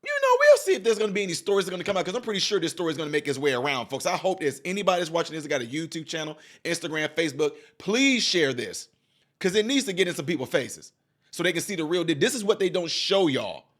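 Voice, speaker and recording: A man with a fairly high voice delivers fired-up political reaction commentary. He talks straight to his audience, piling on rhetorical questions and repeating himself for emphasis. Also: sing-song, quick pace, fairly bright tone. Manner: addresses viewers directly as y'all.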